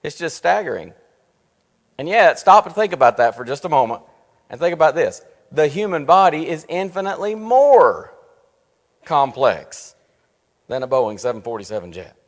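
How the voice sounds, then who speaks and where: A man leading a church Bible study, earnest, asking rhetorical questions and slowing down to stress his points. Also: fairly high pitch, sing-song. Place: church meeting room. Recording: long reverb in a church room.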